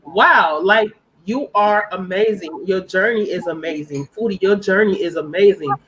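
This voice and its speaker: A woman's voice: medium pitch, normal speed, a bit bright, slight background noise, rough recording. A woman speaking on a live-stream panel, earnest and heartfelt, repeating phrases for emphasis.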